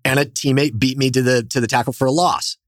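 Animated male founder telling stories. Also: mid-range voice, quick pace, dry recording, clean studio sound. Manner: animated, energetic storyteller. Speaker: company founder and CEO, guest. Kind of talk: casual storytelling interview.

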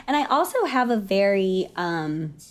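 A woman guest in a casual chat, animated and dramatic, often laughing as she talks. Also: mid-range voice, measured pace.

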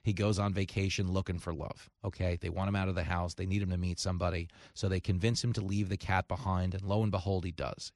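A man's voice: sits low, little pitch movement, fast talker, few pauses, darkish tone, dry recording. A man hosting a talk radio show, ranting with comic asides and telling jokes into a studio microphone. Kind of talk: opinionated talk radio monologue.

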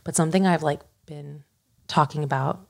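A woman's voice: low voice, normal speed, creaky. A young adult woman co-hosting a podcast, telling stories in casual chat and acting out what others said. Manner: animated storytelling, acts out quoted voices. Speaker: podcast co-host.

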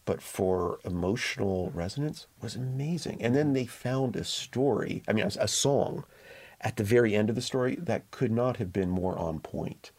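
A man, a print reporter and podcast guest, telling a story in relaxed conversational talk. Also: lowish voice, moderate pace. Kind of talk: casual interview talk.

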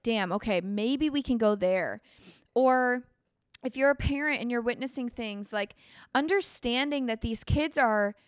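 Woman, podcast host, earnest, rambling, somewhat high voice, dry recording. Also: clear, resonant tone, dry recording. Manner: earnest, rambling, heavy use of "like". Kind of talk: personal reflective monologue.

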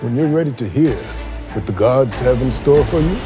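An actor playing a solemn adult man who foretells a young hero's quest, speaking in a measured way in a trailer clip. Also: medium pitch, expressive, natural voice. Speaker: trailer character. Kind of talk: film trailer dialogue. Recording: trailer clip under loud music.

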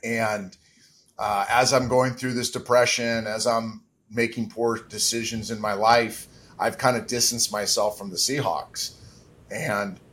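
A man's voice: on the low side, fairly even intonation, a little slow, a bit bright, slight background noise. Earnest middle-aged man, reflective. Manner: earnest, reflective, with frequent fillers. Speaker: guest, former pro quarterback. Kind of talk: candid interview answers.

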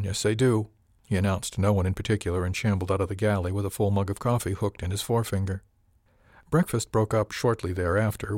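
A man reads a first-person story in a measured, steady way. His voice sits fairly low, and the recording is dry and close with no room sound. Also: no room sound. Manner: measured, gives light voices to characters. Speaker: audiobook narrator.

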